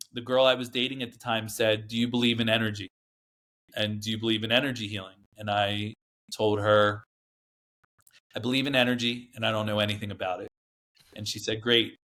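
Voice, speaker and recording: A man's voice: on the low side, bright, forceful tone. A man, a podcast guest, telling a personal story in a casual, earnest way, with lots of fillers and restarts.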